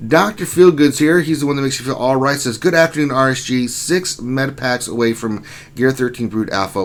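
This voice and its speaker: A man's voice: mid-range voice, a bit bright. A man hosting a casual live stream, reading viewer messages aloud and greeting each one by name, with a sore back and allergies. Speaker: stream host reading chat.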